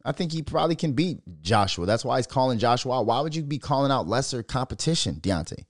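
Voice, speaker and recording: A man from Minnesota hosts his own podcast solo, swearing freely as he riffs on whatever comes to mind. His voice sits in a middle range and sounds dry and close, with no room around it. He slides from easy chat into animated rants. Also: medium pitch, quick pace, no echo. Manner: profane, animated, riffing and ranting. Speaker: podcast host. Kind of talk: casual solo podcast rant.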